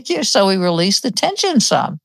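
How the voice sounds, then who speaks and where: A woman's voice: mid-range voice, sing-song, moderate pace, gravelly, no echo. A woman in her seventies chatting casually as host, telling stories and acting out what people said. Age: 70s. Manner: chatty storyteller, acts out quotes. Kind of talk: casual chat.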